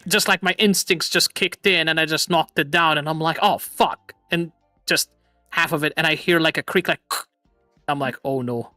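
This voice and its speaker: A man hosting a casual livestream chat from a home setup on a boom mic, excitable, swearing and laughing often, with an imitation British accent. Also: moderate pace, dry recording, studio quality, soft background music. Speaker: streamer host. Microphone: boom arm microphone.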